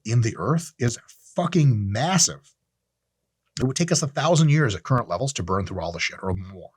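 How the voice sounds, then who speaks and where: A man's voice: lowish voice, husky, no echo, studio quality. A man hosting a podcast, talking casually in a blunt, profane, opinionated way. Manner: animated, acts out quoted voices. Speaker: podcast host. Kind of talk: casual monologue.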